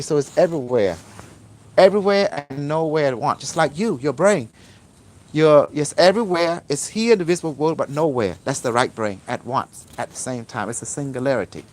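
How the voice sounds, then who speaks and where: A man's voice: on the high side, a little mellow. A man giving a rambling, informal spiritual lecture in broken English, repeating himself emphatically. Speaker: spiritual teacher.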